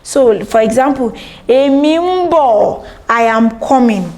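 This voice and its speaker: A woman's voice: on the high side, lively intonation, slow, darkish tone. A woman teaching a language lesson, patiently repeating each word several times and translating it.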